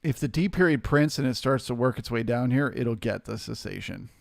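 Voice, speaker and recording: A man with a gravelly, fry-tinged voice at a medium pitch talks through a live market stream, calm and explanatory as he takes questions from the chat. The sound is dry and close, with no room around it. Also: brisk, dry recording. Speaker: trading stream host.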